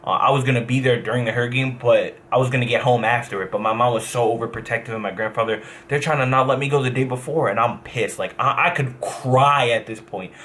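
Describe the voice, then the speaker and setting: A man's voice: mid-range voice, fairly even intonation, fast, few pauses, a bit bright, a little hiss or hum. A young man from New Jersey telling a story in a casual vlog, rambling, profane and full of restarts. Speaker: gamer vlogger.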